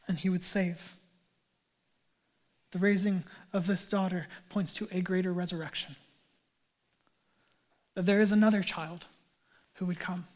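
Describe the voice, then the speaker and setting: A man's voice: high voice, a little mellow. A man in his thirties, a pastor preaching a sermon in an earnest, conversational way with casual asides.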